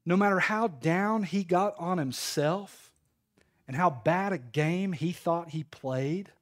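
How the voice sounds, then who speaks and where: Man, 30s, lively church pastor, slightly high voice, calls on the room for amens. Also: slow. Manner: folksy, animated preaching with call-and-response. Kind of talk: sermon. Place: church sanctuary.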